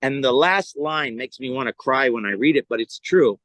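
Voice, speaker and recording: A man's voice: mid-range voice, moderate pace, no echo, rough recording. A middle-aged male comedian from California telling stories in a casual podcast chat. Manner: animated storyteller, lively retelling. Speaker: comedian guest.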